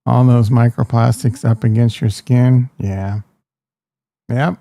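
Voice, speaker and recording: Crude joking man, gravelly voice. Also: medium pitch, fairly even intonation, takes it slowly, warm tone, no room sound. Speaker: host. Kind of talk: casual live-stream chat.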